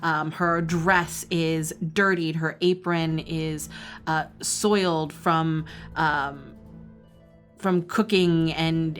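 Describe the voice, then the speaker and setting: A woman running a tabletop game as game master, narrating scenes in detail with frequent pauses and ums. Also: sits low. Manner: descriptive storytelling with frequent ums.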